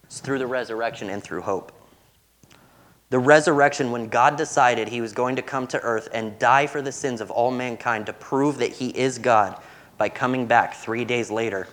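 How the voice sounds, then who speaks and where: A young man preaching a sermon, earnest and warm-humored as he tells stories. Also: medium pitch.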